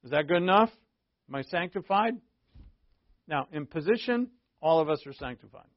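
A man preaching a sermon as a pastor, teaching conversationally with asides and self-corrections, and slowing down to stress key words. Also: fairly high pitch, animated, no echo. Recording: dull, lo-fi dry recording.

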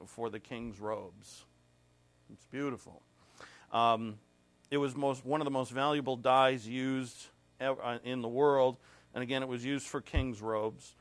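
A man preaching an expository sermon, reading scripture aloud with rising emphasis and growing emotional at times. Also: medium pitch. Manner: emotional, clears throat and pauses. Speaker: pastor.

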